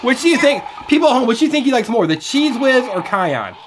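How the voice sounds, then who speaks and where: A woman with a high, lively voice demonstrates a toy for kids, coaxing a child along and calling out to the viewers at home. Her voice rises and dips a lot as she talks. There is noticeable hiss in this home recording. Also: fast talker. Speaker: toy review host. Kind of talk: toy demo for kids on camera.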